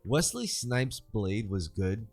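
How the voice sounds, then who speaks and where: A man co-hosting a podcast in casual chat, excitable and rambling, swearing often. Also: slow pace, soft background music. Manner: excitable, swearing, rambling, big pitch swings. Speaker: podcast co-host.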